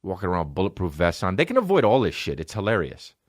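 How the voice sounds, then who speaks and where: A male comedian riffs through a loose, swearing monologue, his pitch bouncing up and down with lively swings. He is close on a podcast mic with a dry, dead sound and no room around him. Fillers and restarts pile up as he talks. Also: quick pace, no echo. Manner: profane, rambling, many fillers, jumps into mock voices.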